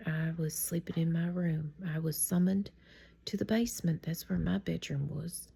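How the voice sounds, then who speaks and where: A middle-aged woman telling a true story in a chatty, rambling way, often dropping into a hushed whisper. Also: deep voice, vocal fry, breathy edge. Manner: chatty and digressive. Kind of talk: casual spoken storytime.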